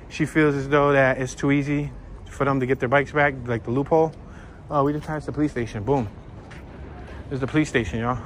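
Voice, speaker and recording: A man talks loosely and jokingly to his camera while strolling outdoors, drifting from one topic to the next. His voice sits a little high for a man. Faint city sounds hum behind him. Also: a bit bright. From North Philadelphia. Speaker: walking tour vlogger. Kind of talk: casual chat while walking.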